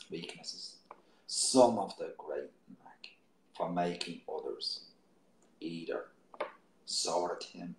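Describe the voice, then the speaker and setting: Male co-host, very low voice with wide swings, soft reads that fade to a whisper, roomy echo with faint noise. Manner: soft, dwelling reading that drops to near-whispers. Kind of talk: casual chat and reading poetry aloud.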